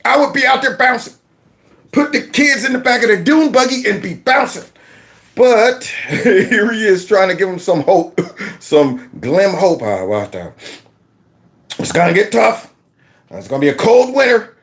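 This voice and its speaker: A man talks through his commentary vlog in a fairly high, lively voice. He mocks and scolds with plenty of energy, laughing often. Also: unhurried. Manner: mocking, animated, laughs often, breaks into sung lines. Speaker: political commentary host.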